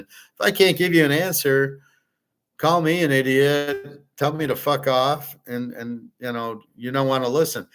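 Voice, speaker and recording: A man's voice: mid-range voice, measured pace, a bit bright. A male host in a blunt, emphatic rant, swearing freely and rambling with restarts. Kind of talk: casual rant to camera.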